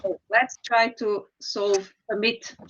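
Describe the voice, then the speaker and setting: A woman's voice: mid-range voice, flat delivery, slow pace, fairly bright tone, dull audio, a little hiss or hum. A woman teacher, patiently explaining English spelling rules in an online lesson and calling on students. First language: Serbian.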